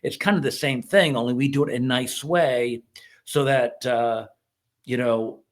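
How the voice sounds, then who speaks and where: A middle-aged man who is a reverend, talking through a movie review in a casual video, with an earnest, rambling and halting delivery. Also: mid-range voice.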